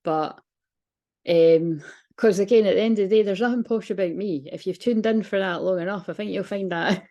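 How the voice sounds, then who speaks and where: A woman's voice: medium pitch, normal speed, mellow, dull audio. A woman talking as a spiritual reader in a casual, rambling monologue, frank and swearing freely.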